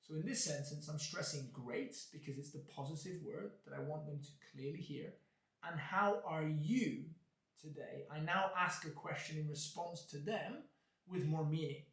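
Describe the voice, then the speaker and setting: A man's voice: a little high, moderate pace, a bit bright. Echoey English teacher, man. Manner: explains and demonstrates with exaggerated intonation. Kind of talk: video lesson. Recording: echoey room.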